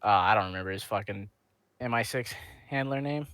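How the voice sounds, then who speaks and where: A man's voice: on the low side, a little fast, fairly bright tone, no room sound. A man co-hosting a casual podcast, blunt and dismissive, with some swearing. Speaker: podcast co-host.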